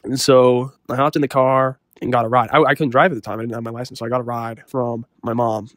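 Deadpan young man telling a dumb story. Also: mid-range voice, fast, dry recording, clean studio sound. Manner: deadpan, self-serious, rambling with fillers. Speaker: comedy storyteller. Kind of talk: deadpan comedic story monologue.

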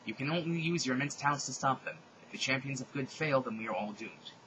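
A solemn mystical male guide, as a man acts him out, speaking low and hushed. He draws out each grave pronouncement calmly. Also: fast, dull audio, background noise, lightly acted.

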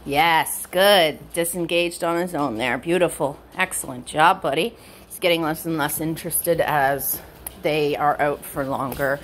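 A woman dog trainer explaining a training session in casual narration at home, switching between high bright praise for her dog and low quiet explanation. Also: unhurried, a little hiss or hum. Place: indoors at home with pets.

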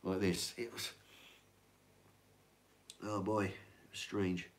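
An older man hosts a livestream, speaking very slowly in a low, level voice as he reads out viewer comments. The chat is casual and rambling, full of repeated words and swearing.

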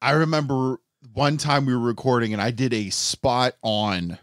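A man's voice: medium pitch, fairly even intonation, moderate pace, no echo. Playful man with a dry, close sound. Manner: jokey, slips into put-on accents and voices. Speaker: podcast co-host. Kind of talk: casual chat.

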